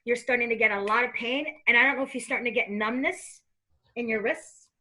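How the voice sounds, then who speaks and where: Bright, high-voiced chatty woman medium. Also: fairly quick, poor audio. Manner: chatty and laughing, acts out the spirit's lines. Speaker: psychic medium. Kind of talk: live reading conversation.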